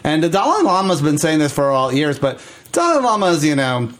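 A man's voice: on the high side, sing-song, brisk, fairly bright tone. A man hosting a casual chat, talkative and explaining things at length.

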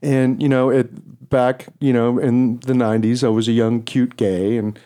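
A man's voice: medium pitch, little pitch movement, moderate pace, warm tone. A middle-aged man from Texas with an East Texas accent, a radio co-host telling stories animatedly with many fillers and laughs. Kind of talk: casual storytelling interview.

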